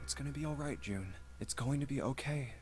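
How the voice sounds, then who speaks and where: A man voicing a young male hero in a visual novel read-aloud, speaking quietly and soothingly, rising to urgent calls. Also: mid-range voice, a little fast, soft background music, close to an everyday voice. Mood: gentle. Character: young man, steady comforting friend.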